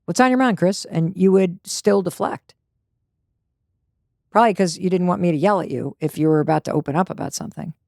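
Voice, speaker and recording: A woman's voice: lowish voice, fairly quick, gravelly, no echo, clean studio sound. A woman podcast host talking earnestly and emphatically in a casual heartfelt conversation. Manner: earnest, emphatic, animated self-talk.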